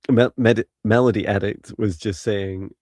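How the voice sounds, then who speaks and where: A man's voice: on the low side, steady tone, a little slow, a little mellow, no room sound, clean studio sound. A man giving psychic readings on a live stream, talking hesitantly with many fillers and restarts. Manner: laughs lightly at his own slips. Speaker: psychic reader and co-host.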